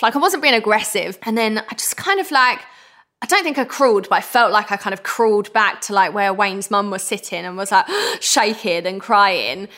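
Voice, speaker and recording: A British woman in her thirties talks as a podcast guest, her voice bright and forward. She recounts stories in a loose, animated way, with "like" scattered all through. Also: mid-range voice. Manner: chatty and animated, heavy use of "like". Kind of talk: casual storytelling chat.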